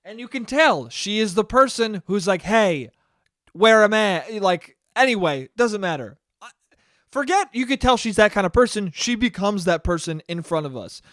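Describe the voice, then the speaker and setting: A young man with a fairly high voice tells a story on his solo podcast, animated and profane, breaking into laughing asides. He speaks close to the mic in a dry, dead room. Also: moderate pace, dry recording. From American suburbs. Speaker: podcast host. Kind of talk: casual solo podcast monologue.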